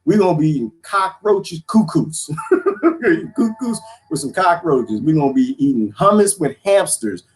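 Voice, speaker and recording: Animated man joking with his stream. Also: a little high, normal speed. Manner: animated storytelling, crude joking, laughs often. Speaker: live stream host. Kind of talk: casual chat with viewers.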